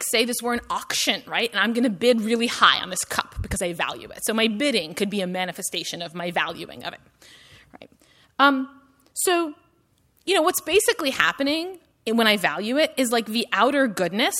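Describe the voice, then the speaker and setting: A woman's voice: on the high side, fairly bright tone. A woman giving a university lecture in a conversational style, full of "like" and "right?" tags and rising emphasis on her questions.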